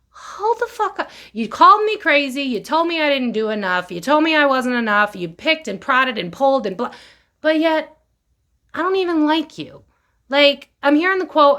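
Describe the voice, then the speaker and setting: Slangy, animated woman tarot reader. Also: medium pitch. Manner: chatty, slangy, swears freely, laughs often; acts out quoted voices with big swings. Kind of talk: casual tarot reading to camera.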